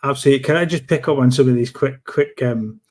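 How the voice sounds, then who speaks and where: A man's voice: mid-range voice, quick pace. Chatty man, incredulous. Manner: chatty, incredulous, animated storytelling. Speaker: football podcast co-host. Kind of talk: casual chat.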